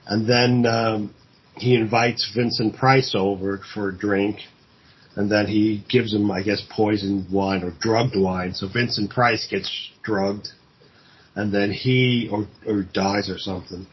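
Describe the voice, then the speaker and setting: A man's voice: on the low side, fairly even intonation, a little slow, lo-fi sound, slight background noise. A man co-hosting a podcast, casually retelling a film plot with many fillers and restarts, now and then acting out the lines. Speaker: podcast co-host.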